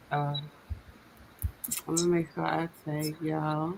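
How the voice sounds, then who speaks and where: Lively, slangy woman hosting a live stream. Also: low voice, measured pace, pauses often, low-quality recording. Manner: lively, slangy, laughs often. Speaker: host of a live stream talk. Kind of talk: casual live-stream chat.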